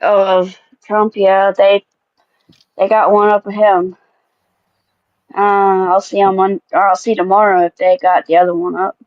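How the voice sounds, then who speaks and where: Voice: mid-range voice, level tone, unhurried, long pauses, no echo. Livestream co-host, casual chat, slightly muffled, dry. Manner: easygoing, short agreeing replies.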